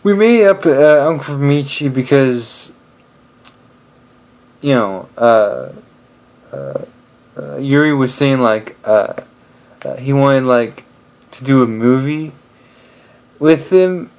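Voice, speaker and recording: A man talks casually to his viewers at an unhurried pace. He hesitates often and restarts his sentences, padding them with fillers. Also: medium pitch, lively intonation, a little mellow. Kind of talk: casual talk to camera.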